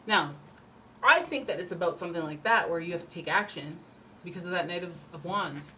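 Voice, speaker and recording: Woman, tarot reader, slightly low voice, casual, blunt, slangy, animated. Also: brisk, slight background noise. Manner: animated, slips into playful mock voices. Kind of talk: casual tarot reading to camera.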